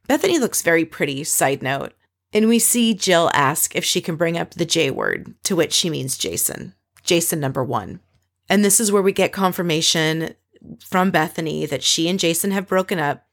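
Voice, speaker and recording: A woman with a somewhat low-pitched voice talks through a TV episode scene by scene. Her delivery is casual and opinionated, full of quick asides. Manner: chatty, opinionated storytelling with asides. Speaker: recap podcast host. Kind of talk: casual recap chat.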